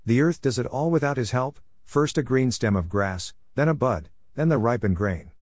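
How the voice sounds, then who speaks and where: A man reading a scripture passage aloud and voicing a calm, commanding male teacher in measured, firm speech. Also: medium pitch, no echo, voice pushed up, natural voice.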